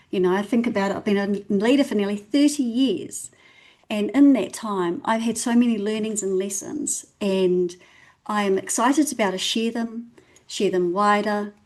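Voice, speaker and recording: A woman's voice: medium pitch, a little mellow. Bubbly middle-aged New woman. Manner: bubbly, self-deprecating, openly nervous. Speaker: guest. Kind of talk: casual podcast interview.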